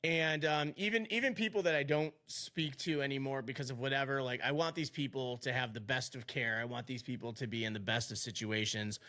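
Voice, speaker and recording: A man's voice: medium pitch, brisk, hardly any pauses, sharp tone. A man in his forties hosting a podcast, chatting casually and rambling, laughing often. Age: 40s. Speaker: podcast host.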